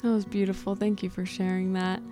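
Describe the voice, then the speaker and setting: A woman's voice: mid-range voice, flat delivery, brisk, warm tone. Woman co-host closing a podcast, music faint behind. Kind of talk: casual podcast chat.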